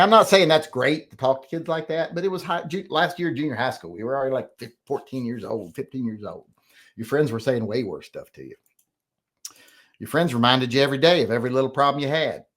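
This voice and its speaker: A middle-aged man talks through a loose livestream chat in a rambling, profane, grumbling way. His pitch swings up and down a lot as he goes. He sounds defensive about his critics. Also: a bit bright. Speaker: host.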